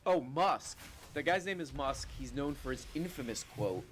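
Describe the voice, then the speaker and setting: A man hosting a comedy show, excitable and goofy with mock-dramatic outbursts. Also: medium pitch, moderate pace, slight background noise. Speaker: podcast host. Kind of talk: comedic casual talk.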